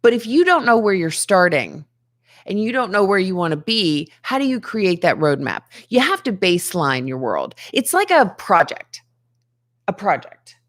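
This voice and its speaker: A woman's voice: mid-range voice, very animated, moderate pace. A woman hosting a daily self-help show, talking earnestly to the camera, asking rhetorical questions and laughing between points. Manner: earnest, conversational, asks many rhetorical questions. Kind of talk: motivational talk to camera.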